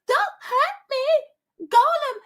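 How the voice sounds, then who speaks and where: A woman's voice: lively intonation, drawn-out words, fairly bright tone, exaggerated voice. A woman voicing a sly, cringing male creature who whines and sobs while pleading and calls himself by name. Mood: whimpering, pleading. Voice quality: shrill, whiny.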